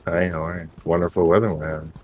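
A gaming teammate chatting casually, with relaxed, dry quips. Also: sits low, fast talker.

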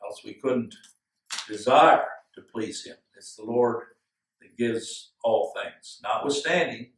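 A male pastor giving an earnest, measured sermon with slow, emphatic phrases. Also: medium pitch. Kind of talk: expository sermon. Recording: echoey room, from far off.

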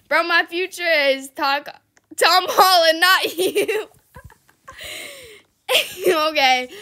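Very high-pitched, pushed and bright, this young woman's voice carries her casual gameplay commentary as a gaming YouTuber. She laughs and giggles often, shrieks for help, exclaims, and reads chat aloud.

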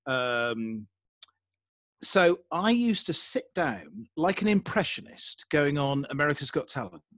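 An older man from England talks in a neutralized English accent, his voice sitting a little high. He tells his stories in an animated, chatty way. The sound is dry and close. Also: a little slow, no echo. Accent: neutralized English, mid-Atlantic. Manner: animated storyteller, breaks into mock radio DJ voice. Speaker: podcast guest. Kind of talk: casual podcast conversation.

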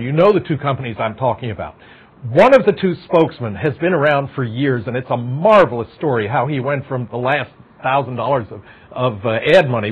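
A middle-aged man with a husky, mid-range voice gives a conversational psychology lecture in a university lecture hall, asking the class questions and making wry asides. It's captured on a dull, lo-fi recording.

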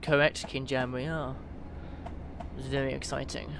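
A man from the UK chatting casually with his viewers during a live game stream, reading out their names and getting excited now and then. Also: mid-range voice, measured pace, vocal fry, background noise. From United Kingdom. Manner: chatty, reads out chat names, bursts of excitement. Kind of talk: casual gaming livestream chat.

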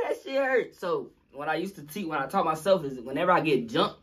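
A young man telling a story in a vlog, animated, acting out sounds and quotes. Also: fairly high pitch, a little fast, husky. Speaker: vlogger.

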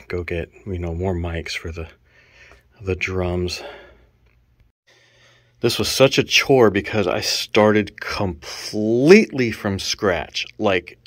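In a dry recording, a man with a fairly low voice, a drummer vlogger, casually shows off his gear. Winded from hauling equipment, he rambles along and counts the items out loud.

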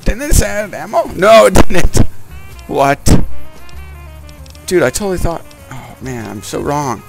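Excitable gamer man, gravelly, slow talker, swings all over in pitch. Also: music in the background. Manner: excitable, yelps and grumbles at the game. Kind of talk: let's play commentary.

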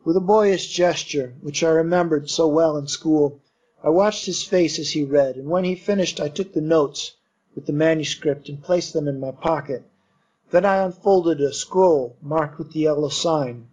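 A man narrating an audiobook in a measured, steady storytelling voice. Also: on the high side, breathy edge. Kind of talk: audiobook reading. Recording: dull lo-fi recording.

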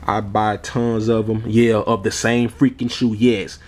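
A man's voice: lowish voice, flat delivery, unhurried. A man vlogging casually about his sneakers in a laid-back way, often tacking on "man" and chuckling. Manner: laid-back, repeats "man" and "you all" a lot. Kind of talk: casual chat.

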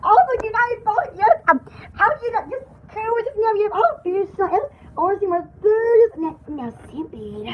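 A squealing, excitable poodle. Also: female voice, extremely high pitch, brisk, few pauses, muffled recording. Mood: excited. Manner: squealing, rambling, easily excited. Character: chattering pampered female poodle, excitable shopping-show host. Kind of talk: comic pet voice-over, home-shopping parody.

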